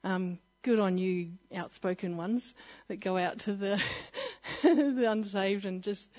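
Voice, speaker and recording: A woman's voice: medium pitch, takes it slowly, a little mellow, lo-fi sound. A woman sharing her personal testimony at church, earnest and often laughing as she restarts her sentences.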